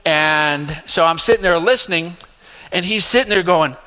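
Bright animated pastor in a reverberant hall. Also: male voice, moderate pace, clean tone. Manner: animated, laughing asides, rising to emphatic highs. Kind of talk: sermon storytelling. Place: church sanctuary.

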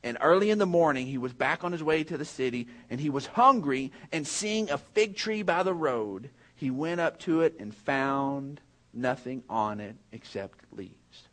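A man preaching a sermon as pastor, telling a funny personal story and then making an earnest point to the congregation. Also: mid-range voice.

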